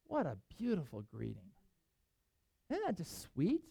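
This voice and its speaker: A pastor preaching a sermon, telling a Bible story with animated delivery and reading scripture aloud. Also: medium pitch, a little fast, no echo, rough recording.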